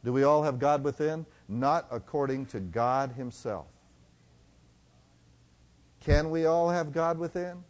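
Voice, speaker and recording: A male preacher delivers a sermon in a voice on the high side, swinging between loud exhortation and hushed tones and slowing down when he reads scripture.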